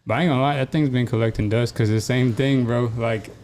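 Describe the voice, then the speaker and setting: A man's voice: mid-range voice, steady tone, fast talker, darkish tone. Man, slangy, laid-back, faint background noise. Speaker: podcast host. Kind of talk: casual chat.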